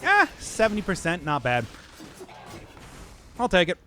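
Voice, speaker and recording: Young guy streaming a game, chatty and rambly, laughs a lot, voice sits a bit high and jumps around. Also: wildly swooping pitch, a little slow, sharp tone, faint music behind. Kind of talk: live gameplay commentary.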